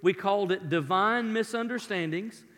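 A man preaching a sermon to his congregation, telling a childhood story in an animated, folksy way with casual asides. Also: high-pitched, normal speed. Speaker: pastor. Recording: long reverb of a large hall.

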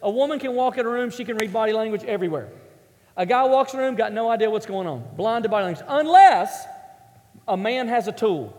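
High-voiced man preaching in an echoey hall. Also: expressive, fast talker, a little mellow. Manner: chatty, self-mocking, asks the audience questions. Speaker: pastor. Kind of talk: storytelling sermon. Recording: echoey hall with long reverb.

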